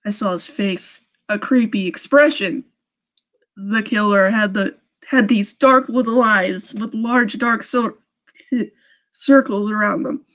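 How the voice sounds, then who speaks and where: A woman's voice: medium pitch, slow pace, fairly bright tone. A young woman reading a creepy story on a live stream, often breaking off to laugh and make sarcastic jokes about the writing.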